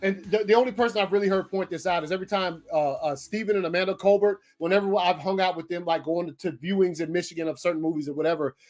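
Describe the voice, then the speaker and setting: A man telling a story casually, animated and profane, acting out what people said. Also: sits high, fast talker, hardly any pauses, soft background music. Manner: animated, profane, acts out quotes. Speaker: podcast host.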